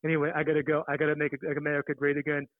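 A man's voice: on the high side, monotone, rapid-fire, dry recording, natural voice. A man putting on the voice of a boastful older male politician who insults and brags as a prank caller. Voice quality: exaggerated bragging impression. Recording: tinny phone line.

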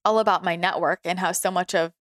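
A woman's voice: lowish voice, steady tone, quick pace, fairly bright tone, no room sound, studio quality. A young woman talking casually and reflectively on her own, chatty and laughing often, with many restarts and fillers.

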